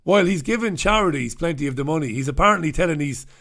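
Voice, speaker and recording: A man's voice: a little high, expressive, fast, a bit bright. A man hosting a casual newspaper review, chatty and irreverent, swearing and laughing at his own jokes. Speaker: host.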